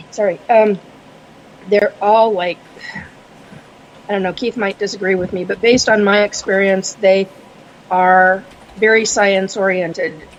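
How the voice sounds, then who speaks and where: A woman speaking as a guest on a podcast panel, hesitant, with many fillers and frequent throat clearing. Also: medium pitch, fairly even intonation, takes it slowly, pauses often, muffled recording, slight background noise. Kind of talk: casual podcast panel chat.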